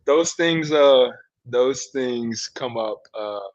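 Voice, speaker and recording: A man's voice: mid-range voice, takes it slowly. A man talking as a guest in a casual podcast conversation, a storyteller who keeps dropping "man" and "you know". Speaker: guest, former player working with team alumni. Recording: dull lo-fi sound.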